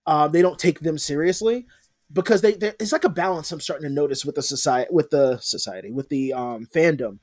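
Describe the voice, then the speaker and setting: Co-host, male, higher voice, rambling and sweary, dry sound. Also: brisk, a little mellow, no echo. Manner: rambling, profane, many restarts. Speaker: podcast co-host. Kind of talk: casual chat.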